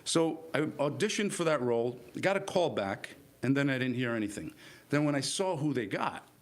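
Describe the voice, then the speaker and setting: A man's voice: mid-range voice, moderate pace. A man born in Italy and raised in New Jersey, an actor telling stories in a casual chat, repeating words and acting out quotes. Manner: rambling, repeats words, animated quoting. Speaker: actor guest.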